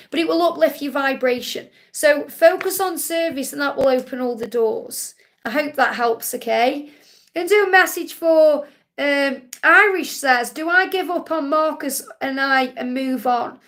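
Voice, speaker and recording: High-voiced woman giving soothing readings. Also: moderate pace, fairly bright tone. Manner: soothing, reassuring, repeats key phrases. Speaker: spiritual card reader hosting a live Q&A. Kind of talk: live-stream reading, relaying messages.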